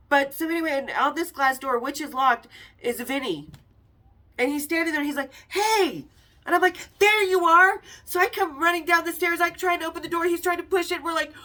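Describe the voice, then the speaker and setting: A woman's voice: on the high side, fairly bright tone, distant mic. A middle-aged woman hosting a podcast, telling a story in a casual, frank and profane way and acting out the quoted dialogue. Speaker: podcast host.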